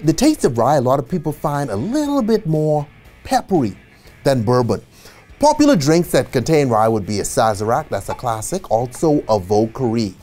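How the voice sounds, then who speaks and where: Lively man teaching bartending basics. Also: on the high side, moderate pace, faint music behind. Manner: animated, checks in with "okay?" after points; casual and chatty, with asides and small laughs. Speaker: bartending instructor. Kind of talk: instructional video lesson.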